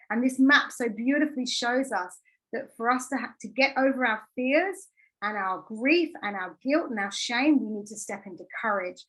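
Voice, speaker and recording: Chatty woman coach, slightly high voice. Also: a bit bright, low-quality recording. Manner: chatty, filler-heavy with frequent "like" and restarts; earnest and candid. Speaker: wellbeing coach. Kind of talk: conversational masterclass talk.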